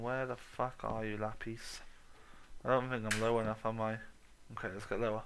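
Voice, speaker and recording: A young gaming commentator plays through a let's play, muttering and humming to himself and swearing often. His voice is on the low side and slightly bright, with fairly even intonation at a normal speed. A little hiss or hum sits in the recording.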